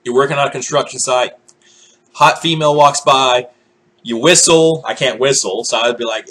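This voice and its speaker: A man's voice: a little high, normal speed, pauses often, slightly rough. A man ranting casually to camera in a vlog, swearing freely and acting out what other people say. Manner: profane, animated, acts out quoted voices. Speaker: vlogger.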